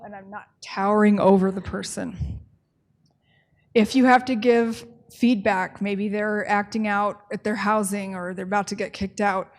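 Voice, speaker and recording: A woman leading a staff training workshop, talking in a brisk, conversational way and often checking in with the group. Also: medium pitch, a little mellow.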